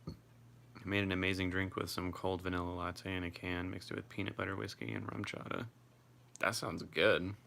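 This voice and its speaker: A young man with a low voice and a bright, forceful edge, chatting on a live stream. He answers viewer comments loosely and casually, dropping swear words as he goes. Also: gravelly. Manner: relaxed, chatty, swears freely.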